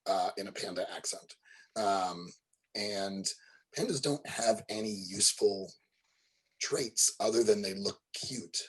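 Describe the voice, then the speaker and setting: A man narrating a tabletop roleplaying game as its game master. He talks slowly and hesitantly, with a husky, slightly low voice. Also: rough recording. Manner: hesitant, full of ums and uhs.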